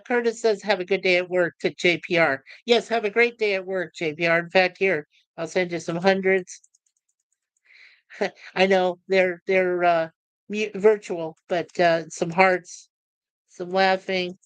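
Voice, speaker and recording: Woman host, chatty and halting, mid pitch, dry close recording. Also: smooth, no room sound. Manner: rambling, halting, many fillers and restarts. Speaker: livestream host. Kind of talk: casual livestream chat, reading comments aloud.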